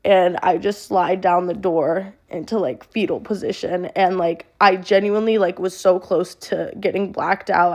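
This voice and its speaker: A young woman telling a personal story to camera in a flat monotone, halting and full of fillers. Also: on the low side, creaky. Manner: halting, with many fillers and restarts. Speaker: social media creator.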